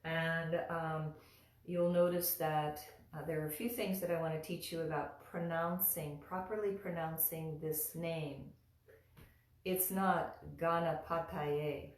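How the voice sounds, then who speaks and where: Woman, patient chant teacher, repeats sounds, slightly low voice, roomy echo. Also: steady tone. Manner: slow, careful, repeats sounds for the listener. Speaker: mantra pronunciation teacher. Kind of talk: slow, patient instruction with chanting.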